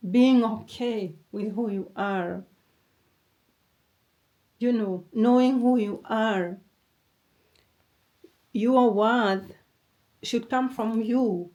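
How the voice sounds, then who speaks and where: A young adult woman speaks in a non-native English accent, her voice sitting slightly high. She delivers a motivational talk to camera, pressing each point through repetition and warmly calling the listener darling. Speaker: motivational vlogger.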